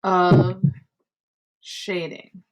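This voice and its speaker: A woman's voice: lowish voice, little pitch movement, drawn-out words. A woman art teacher teaching an online class from home over a computer mic, explaining step by step with chatty asides. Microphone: computer mic on a video call.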